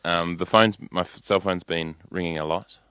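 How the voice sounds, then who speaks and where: Man, New Zealand accent, very low voice, deadpan and understated, dry close studio mic. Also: moderate pace, smooth, no echo. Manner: deadpan, understated, dryly literal. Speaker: guest comedian. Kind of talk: casual interview. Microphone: studio microphone.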